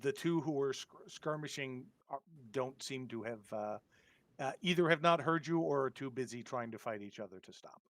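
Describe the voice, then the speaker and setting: A man running a tabletop horror game as game master, describing scenes with many pauses and filler words. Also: mid-range voice, expressive, fairly bright tone, dry recording.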